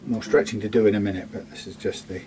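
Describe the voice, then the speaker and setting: A man's voice: lowish voice, fairly even intonation, quick pace, low-quality recording. A man chatting casually to himself as he sets up a guitar, often trailing off mid-sentence. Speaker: guitar technician vlogger. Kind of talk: casual talk while working. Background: guitar being played and tuned.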